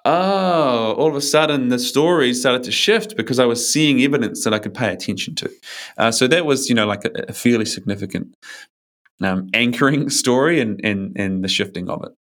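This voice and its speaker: A man who coaches men talks loosely in an interview, rambling along with plenty of fillers and the odd casual swear word. His voice sits in an ordinary middle pitch for a man. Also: normal speed, a bit bright. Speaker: men's coach.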